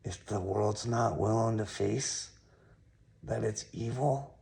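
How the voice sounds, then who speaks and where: A man's voice: lowish voice, takes it slowly, gravelly, a little mellow. A man delivering a taunting, preachy rant straight at a viewer, repeating his questions. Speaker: commentator reacting to a clip. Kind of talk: ranting monologue to a viewer.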